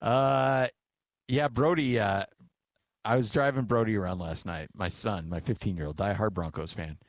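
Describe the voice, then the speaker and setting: A man's voice: fairly low pitch, normal speed, no echo. A man in his forties hosting sports talk radio, telling stories in a chatty way with many fillers. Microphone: studio microphone.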